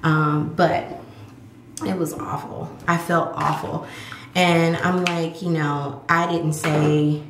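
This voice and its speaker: A woman's voice: low-pitched, flat delivery, slow pace. A woman in her thirties telling a personal story to camera in a candid, emphatic way. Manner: candid, emphatic, acts out quoted voices. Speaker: vlog host. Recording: echoey room with clear background noise.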